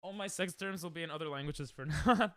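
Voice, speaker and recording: A man's voice: fairly high pitch, fairly quick, a bit bright, no room sound, clean studio sound. A man streaming a speedrun, chatting casually and joking with chat, laughing often.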